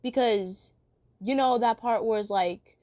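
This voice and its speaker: A woman talks through a review in a loose, rambling way, full of fillers, restarts and laughter. Her voice sits a little high, and it is recorded dry and close with no room sound. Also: measured pace, warm tone, no echo. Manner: enthusiastic, laughs often. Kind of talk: casual spoken review.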